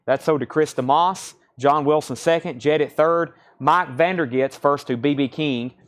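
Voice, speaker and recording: A man hosting a live-streamed record sale, reading out titles, prices and bids in brisk auctioneer-style calls. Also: on the high side. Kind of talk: live-stream sales patter.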